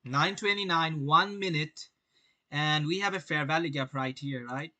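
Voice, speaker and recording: A brash young man narrates his live trades to a streaming audience, swearing often and quizzing viewers with rhetorical questions. His voice sits a little high and sounds bright and forceful. The recording is dry and close, with no room sound. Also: moderate pace, no echo. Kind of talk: live-stream market commentary.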